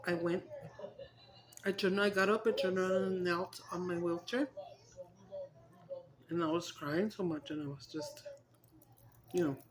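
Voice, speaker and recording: A woman chatting casually to her viewers as a vlogger, laughing often and mixing in Spanish. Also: on the low side. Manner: giggly, breaks into laughter, mixes Spanish into English. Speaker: mukbang vlogger.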